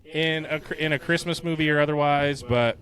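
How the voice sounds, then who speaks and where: A man in his thirties co-hosting a casual podcast, animated and chatty. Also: fairly high pitch, normal speed. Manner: animated, quotes movie lines in silly voices. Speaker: podcast co-host.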